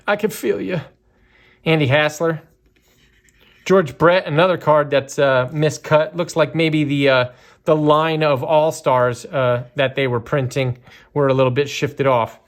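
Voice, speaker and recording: A medium-pitched man chats casually as he opens a box of trading cards. The card breaker fills his commentary with fillers and occasional bursts of excitement.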